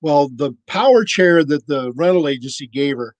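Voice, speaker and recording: A man on a podcast telling a casual, animated story and acting out the voices of the people in it. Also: a little high, moderate pace, no echo, poor audio. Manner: animated anecdote-teller, acts out quoted voices. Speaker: podcast cohost.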